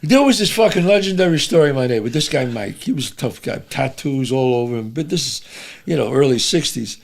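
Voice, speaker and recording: A man's voice: medium pitch, quick pace, vocal fry. An older man from New York with a New York accent, a podcast guest telling profane neighborhood stories in casual chat and acting out the lines of the people in them. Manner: animated, swearing, acts out characters' lines.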